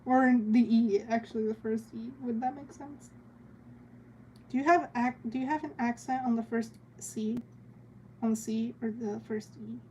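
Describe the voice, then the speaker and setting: A woman's voice: fairly high pitch, steady tone, normal speed, mellow, slight background noise. A young woman streaming as she draws, chatting casually with a giggly, rambling manner. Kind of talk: casual chat while drawing on stream.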